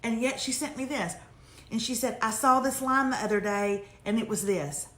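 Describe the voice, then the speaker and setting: A woman's voice: on the high side, moderate pace. A middle-aged woman, hosting a casual live chat, reading viewer emails and teasing with jokes and laughter. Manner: animated, joking, laughing, teasing. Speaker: host. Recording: echoey room.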